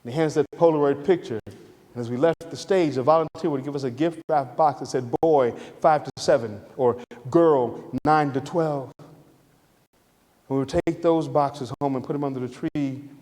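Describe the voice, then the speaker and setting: A middle-aged man from Atlanta, giving a lively, conversational storytelling lecture. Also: medium pitch, moderate pace. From Atlanta, Georgia. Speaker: guest lecturer. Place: lecture hall. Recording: reverberant lecture hall.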